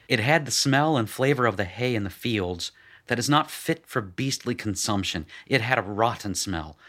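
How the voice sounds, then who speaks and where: A man narrating a first-person story in a measured, plain storytelling manner. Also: lowish voice, fairly bright tone.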